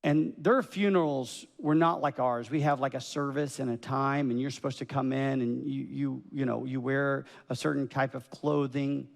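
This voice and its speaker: A man preaching a sermon as pastor, telling the story in a lively way and acting out the voices of its people. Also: mid-range voice, moderate pace, creaky, hardly any pauses, big-room sound. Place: church sanctuary.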